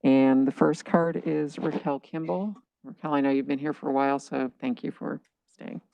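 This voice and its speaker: Board chair; gravelly, polite procedural delivery on a dry, muffled recording. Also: medium pitch, steady tone, moderate pace, dry recording. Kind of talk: chairing a public meeting. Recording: dull, muffled meeting recording.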